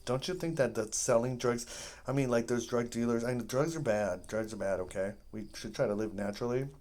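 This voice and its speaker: A gaming host rambling through casual commentary, joking around and breaking into high-pitched yelps when things go wrong. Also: brisk, a little mellow. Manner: jokey, playful asides.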